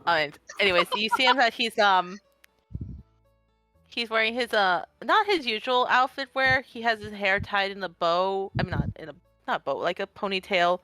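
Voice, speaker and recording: A young woman with a mid-pitched voice narrates her role-playing character, halting and full of fillers. Her voice sits close and dry on the microphone, with faint music underneath. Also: sharp tone, no room sound. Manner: hesitant, many fillers, laughs while describing. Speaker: player.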